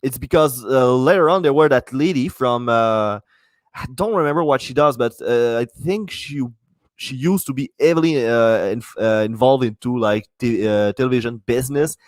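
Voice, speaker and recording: A man talks alone into a close podcast mic in a mid-pitched voice, rambling and cursing freely. He stops and restarts his sentences often. The sound is dry, with no room around it. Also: moderate pace, dry recording. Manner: rambling, profane, many false starts. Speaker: podcast host. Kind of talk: solo podcast monologue.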